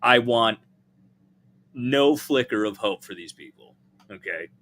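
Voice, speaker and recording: A man's voice: medium pitch, measured pace. A man hosting a casual podcast chat, swearing freely and breaking into laughter. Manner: profane, laughing, animated. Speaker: host.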